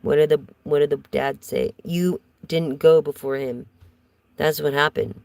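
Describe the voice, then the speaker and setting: A woman's voice: low-pitched, fairly even intonation, a little slow, gravelly, darkish tone, no echo, poor audio. A woman giving a casual live tarot reading, chatty and rambling as she talks straight to her viewers. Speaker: tarot reader.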